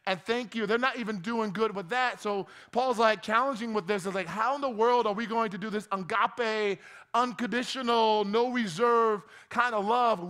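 A man's voice: sits high, a bit bright. A man from New Jersey preaching a sermon in a conversational, joking way, often restarting his words. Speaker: pastor.

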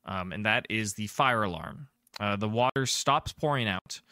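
A low-voiced man running a tabletop game as game master, describing scenes in a chatty way with plenty of ums. The sound is dry and close to the mic. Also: bright, forceful tone, no echo. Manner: descriptive, chatty, fills pauses with um and uh.

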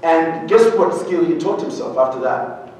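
A man from Uganda telling a humorous, animated story to an audience, often asking them questions. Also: on the high side, moderate pace, a little hiss or hum. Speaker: speaker. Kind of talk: storytelling keynote talk. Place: large hall with an audience. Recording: very echoey hall, heard from a distance.

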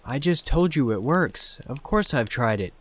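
A man's voice: medium pitch, lively intonation, unhurried, fairly bright tone, slightly rough. A man voicing a rambling teen boy genius. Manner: eager, rambling, boastful. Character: excitable teenage boy inventor, brother.

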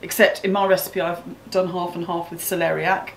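In her kitchen, a cookery host chats her way through a home video, teasing herself and her partner in a playful, self-mocking way. Her lowish voice is flat and a little fast, recorded roughly in an echoey room with some hiss or hum.

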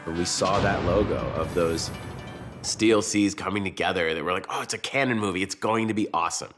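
A man with a lowish voice talks excitedly in an interview, eager and nostalgic. Loud music runs underneath him throughout. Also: brisk. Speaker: interviewee, film fan. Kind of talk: enthusiastic interview commentary.

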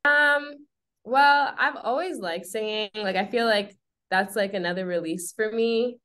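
A woman's voice: medium pitch, a little slow. A young woman, a college basketball player, answering casually and loosely with lots of filler words over a video call. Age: young adult. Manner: relaxed, full of filler words.

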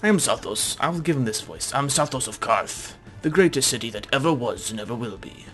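A man's voice: medium pitch, expressive, fairly quick, fairly bright tone, soft background music, natural voice. A man voicing a pompous, grandiloquent male scholar and explorer in an odd put-on voice. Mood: boastful.

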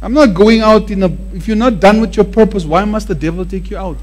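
A man preaching a sermon with animated emphasis, often repeating words to drive a point home. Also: high voice, fairly quick.

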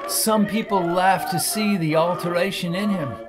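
A man narrating a classic novel as an audiobook in an expressive, theatrical storytelling manner. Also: high voice, normal speed, music in the background.

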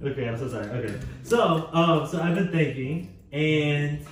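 A man vlogging a prank at home, chatting casually in slang with an animated, giggly manner. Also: normal speed, heavy reverb, distant mic, over music. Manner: animated, slangy, giggly, swings into high voices when quoting. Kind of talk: casual prank vlog chat. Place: home living room.

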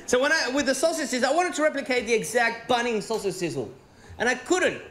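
A man from Venezuela with a Venezuelan accent and Spanish as his first language, performing a sweary, animated stand-up routine on stage. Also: very high voice, fast. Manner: animated, swearing, rising to exclaim. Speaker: stand-up comedian. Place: stage in a comedy venue with live audience. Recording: roomy live venue sound.

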